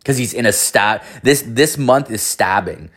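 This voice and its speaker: A man's voice: mid-range voice, expressive, measured pace, fairly bright tone, breathy edge. A man casually telling a story, rambling and swearing freely, with constant filler words. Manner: rambling, profane, filler-heavy.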